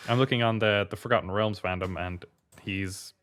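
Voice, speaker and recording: A man co-hosting a podcast in casual chat, chatty and playful and quick to laugh. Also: on the low side, fairly even intonation, fairly bright tone. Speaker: podcast co-host.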